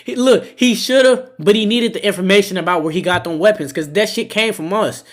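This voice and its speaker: A man's voice: high-pitched, expressive, brisk, hardly any pauses. A man streaming live on a phone, reacting to a film with impassioned, profane, preachy talk.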